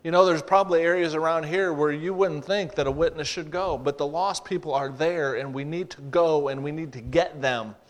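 A man preaching a sermon, emphatic, repeating phrases and pushing his voice louder to drive points home. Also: fairly high pitch, normal speed, few pauses.

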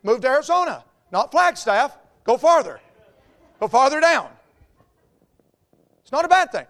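A man with a Southern US accent, preaching a folksy, joking sermon as a pastor, swinging between quiet asides and loud outbursts. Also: very high voice, very animated, normal speed, pauses often. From American South.

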